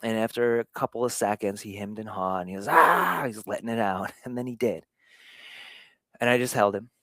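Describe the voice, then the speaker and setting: A man hosting a show, giving an earnest motivational talk on fatherhood, swinging between hushed and emphatic delivery. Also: lowish voice, steady tone, a little fast, dry recording. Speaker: show host.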